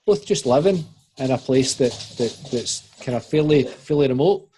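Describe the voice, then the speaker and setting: A man's voice: medium pitch, lively intonation, normal speed, mellow, faint music behind. A man hosting a casual church podcast, asking rambling questions with many restarts. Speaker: podcast host.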